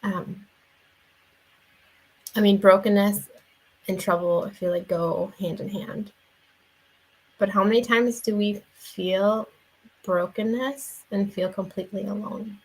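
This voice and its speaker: A woman's voice: medium pitch, steady tone, slow, pauses often, husky, low-quality recording. A young woman giving a casual devotional talk in an earnest, conversational way, with many fillers and restarts. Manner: earnest, shares personal story. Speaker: faith vlogger and parent.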